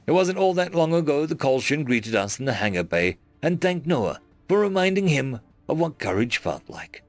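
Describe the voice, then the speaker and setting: A man reading a first-person science fiction story aloud in an earnest, expressive storytelling manner. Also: a little high, moderate pace, no echo, faint music behind. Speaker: narrator. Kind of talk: first-person audiobook narration.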